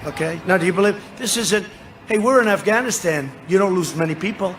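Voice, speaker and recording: A man in his seventies giving a rambling, repetitive, boastful campaign rally speech into a podium microphone, often shouting to the crowd. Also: high voice, brisk. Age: 70s. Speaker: politician addressing a rally. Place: large rally venue. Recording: noisy live rally sound.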